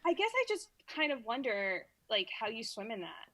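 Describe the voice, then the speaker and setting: A woman's voice: a little high, big pitch swings, normal speed, bright, forceful tone. A woman with a Brooklyn accent, a podcast guest, chatting casually and reading scripture aloud with small stumbles and repeats. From Brooklyn, New York. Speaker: guest reader.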